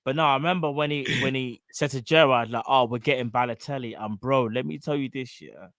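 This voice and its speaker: A man, hosting a casual football chat in an animated, slangy, jokey way. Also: mid-range voice, a little fast, no room sound, studio quality. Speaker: show host.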